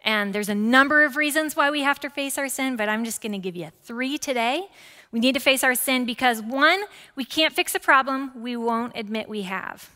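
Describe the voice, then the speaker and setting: A woman in her forties preaching a sermon as pastor, lively and conversational, with frequent asides to the congregation. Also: sits high, normal speed. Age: 40s. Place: church sanctuary. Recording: church hall with long reverb.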